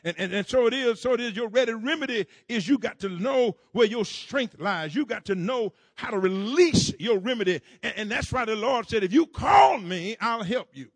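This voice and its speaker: A man preaching a fervent sermon, repeating words in rhythm, rising into shouts and calling on the congregation to answer. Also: high voice, lively intonation, moderate pace, hardly any pauses, no echo. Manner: call-and-response with the congregation. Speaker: pastor.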